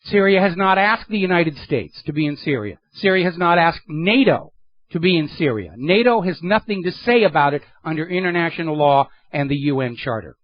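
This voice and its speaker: A man's voice: on the high side, expressive, brisk, dry recording, dull audio. A man hosting a political talk radio show, delivering an emphatic, sardonic monologue into a studio microphone.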